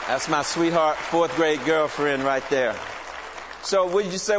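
Middle-aged man, church testimony, animated storytelling, slightly high voice, long hall reverb. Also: unhurried, a crowd in the background, background noise. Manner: animated, acts out quoted voices. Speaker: church speaker giving testimony.

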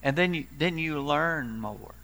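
A man's voice: a little high, animated, unhurried, bright, forceful tone. A man in his sixties, a pastor preaching a sermon in a folksy storytelling way with dry humor.

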